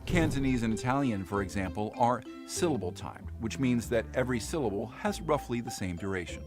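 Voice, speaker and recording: A man narrating an educational explainer clip in a clear, engaging scripted style. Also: medium pitch, animated, a little fast, hardly any pauses. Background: background music.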